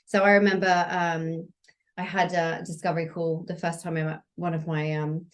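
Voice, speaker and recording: Calm, low-voiced woman guest. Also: moderate pace. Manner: calm, gentle, explanatory. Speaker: somatic practitioner guest. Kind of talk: relaxed podcast conversation.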